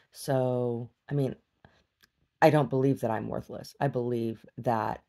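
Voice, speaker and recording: A woman's voice: very deep voice, gravelly, a little mellow. A middle-aged woman speaking in a candid video diary, weary and blunt, swearing freely and breaking into wry laughs. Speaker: video diarist.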